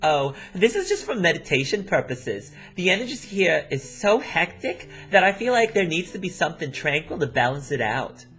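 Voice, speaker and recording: Guy doing a high bubbly hippie girl voice, sing-songy, all over the place pitch-wise. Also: big pitch swings, fairly quick, few pauses, fairly bright tone, faint music behind. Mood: cheerful. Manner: airy, bubbly, sing-song. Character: cheerful spiritual young woman neighbor.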